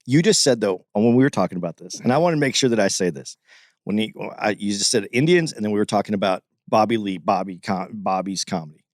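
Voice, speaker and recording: Calm, persistent man pushing back in debate. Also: lowish voice, quick pace, dry recording, studio quality. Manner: steady, persistent questioning, pushes back calmly. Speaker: podcast co-host. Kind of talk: podcast debate.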